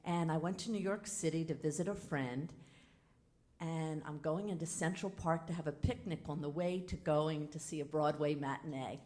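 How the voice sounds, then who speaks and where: A woman telling a personal story live on a theater stage, animated and frank, acting out the dialogue as she goes. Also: low-pitched, normal speed. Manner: animated, dramatic retelling with quoted dialogue; casual and frank. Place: theater stage before an audience.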